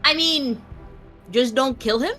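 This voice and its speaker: A woman's voice: high voice, takes it slowly, sharp tone, faint music behind. A woman playing a tabletop game, talking casually in a laid-back way with frequent laughter. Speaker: player.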